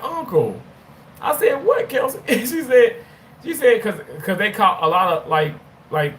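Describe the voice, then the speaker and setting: A man in his thirties telling a personal story to camera in a casual, animated way, often repeating and restarting his words. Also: mid-range voice, a little hiss or hum. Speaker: vlogger.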